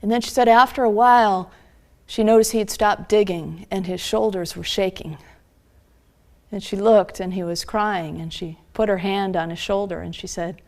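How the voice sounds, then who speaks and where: A woman minister preaching a sermon, retelling a story earnestly and slowing down for emphasis. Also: medium pitch, steady tone.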